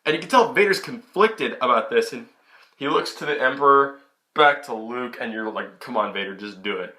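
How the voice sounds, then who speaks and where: A young man giving a casual, chatty film review into his camera. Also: mid-range voice. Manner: chatty, excitable, many restarts. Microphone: camera mic.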